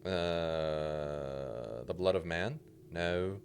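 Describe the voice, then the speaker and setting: A man doing a gruff goblin companion. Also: sits low, drawn-out words, slight background noise, heavily acted. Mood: puzzled. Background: game music.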